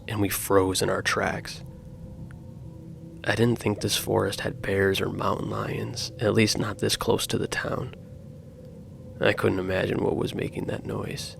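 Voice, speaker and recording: A man narrating true horror stories in a slow, grave scripted style. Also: fairly low pitch, creaky, a bit bright, slight background noise.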